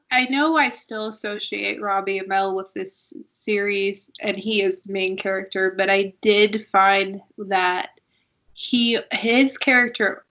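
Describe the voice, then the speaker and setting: Bright-voiced woman podcast host. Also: medium pitch, vocal fry, lo-fi sound. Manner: talkative, many restarts, opinionated. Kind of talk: casual review chat.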